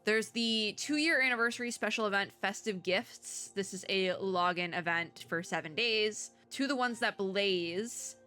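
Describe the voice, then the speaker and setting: A young woman VTuber giving casual, rambling reaction commentary, with chatty asides and bursts of high excitement.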